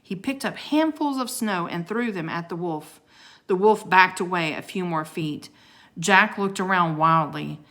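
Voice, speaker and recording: Bright-voiced woman reading a storybook aloud. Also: on the low side, a little slow. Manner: expressive, with occasional stumbles. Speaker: reader of a children's book.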